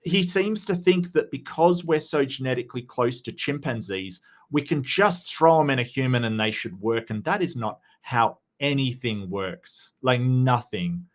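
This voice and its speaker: A man's voice: medium pitch, lively intonation, normal speed, few pauses. A man hosting a live-streamed debate show, chatting casually with viewers, blunt and joking with some profanity, and reading out messages from the chat. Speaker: livestream debate host.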